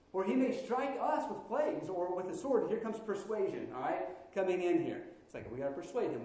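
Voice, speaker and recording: A man preaching in a church sanctuary, his voice swooping up and down with lively energy. The tone is mellow and relaxed, and the talk is loose and playful, full of asides to the congregation. Everything rings in a very echoey hall. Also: sits high. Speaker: pastor. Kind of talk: sermon.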